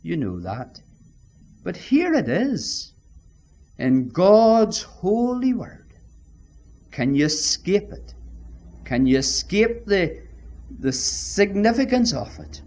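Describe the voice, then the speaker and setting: A man preaching a sermon, emphatic and deliberate, often addressing his listeners as friends. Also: on the high side, big pitch swings.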